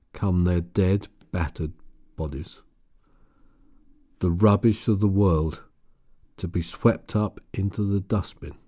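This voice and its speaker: A man's voice: dark tone, dry recording, studio quality. A man reading a guilt-haunted, desperate husband. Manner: low, desperate, bitter.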